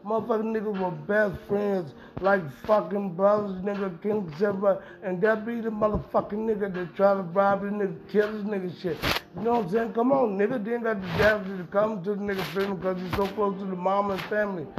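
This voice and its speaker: A man's voice: high-pitched, steady tone, a little fast, noisy background. A man hosting a podcast in a rambling, profane, emphatic casual monologue. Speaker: podcast host. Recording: dull lo-fi sound with music behind.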